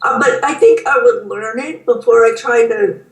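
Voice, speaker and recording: A woman in her fifties with a Southern American accent, chatting in a slow, storytelling way on a video call. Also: fairly high pitch. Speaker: interviewee. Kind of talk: casual chat. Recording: roomy, distant mic sound.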